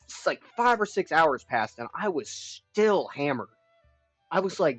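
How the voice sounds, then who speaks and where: A man's voice: on the high side, very animated, unhurried, no room sound, faint music behind. A young man live streaming, telling a long personal story in a rambling, profane, frank way. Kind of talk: casual storytelling chat. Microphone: streaming mic. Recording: dull lo-fi stream audio.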